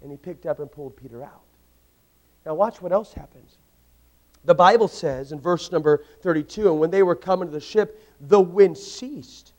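A man preaching a sermon, moving from hushed, intense passages to loud, emphatic ones and repeating phrases for emphasis. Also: on the high side, moderate pace, poor audio.

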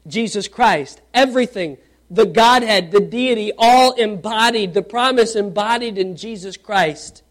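Speaking in a high, unhurried voice, a man gives a sermon in which he reads scripture and asks his congregation questions. He moves back and forth between loud, animated questioning and hushed emphasis.

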